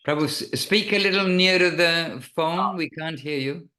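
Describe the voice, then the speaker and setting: A man's voice: fairly high pitch, moderate pace, bright, forceful tone. A man leading a class, giving short directions to keep it moving and asking people to fix the microphone.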